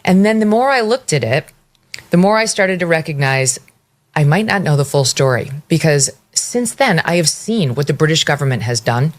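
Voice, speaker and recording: A woman interviewer with a very low voice speaks earnestly and at length, circling back and restarting her thoughts as she frames a question. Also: animated, normal speed. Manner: earnest, long-winded, restarts. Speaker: interview host.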